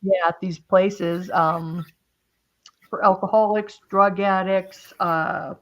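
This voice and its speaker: A woman's voice: mid-range voice, steady tone, takes it slowly. Woman, casual chat, storyteller, quotes people, laughs often, slightly dull lo-fi sound. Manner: storytelling, quoting others, frequent laughs. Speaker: craft stream host.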